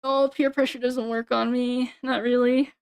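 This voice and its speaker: A woman's voice: fairly high pitch, flat delivery, normal speed, clean tone. A young woman chatting casually on a stream, rambling, swearing and giggling often.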